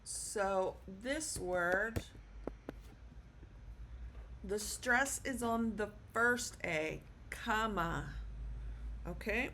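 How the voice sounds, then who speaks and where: A woman's voice: medium pitch, expressive, extremely slow, long pauses, pushed and bright, slight background noise. A woman teaching a Spanish lesson at a board, patient, with many "um"s and "okay?" check-ins.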